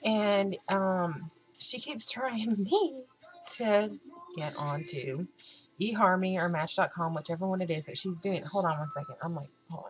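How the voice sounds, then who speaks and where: A young woman chatting in her vlog, telling a story and acting out both sides of the conversation in a lively way. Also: on the low side, a little slow, music in the background, low-quality recording. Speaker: vlogger. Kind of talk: casual chat.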